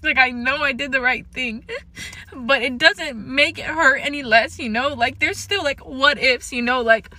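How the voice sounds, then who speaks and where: A woman's voice: high-pitched, a little slow, bright, forceful tone. A young woman in a confessional vlog, tearful and shaky, rambling with many fillers and swear words. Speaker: vlogger.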